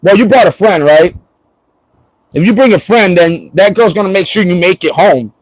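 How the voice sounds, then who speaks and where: A man's voice: high voice, animated, moderate pace, dry recording, rough recording. A man from Florida chatting casually on a livestream, joking and rambling and laughing often.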